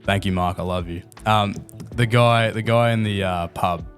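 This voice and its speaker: An Australian man, a podcast guest, telling relaxed, slangy anecdotes in a casual chat and laughing often. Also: fairly low pitch, normal speed, faint music behind.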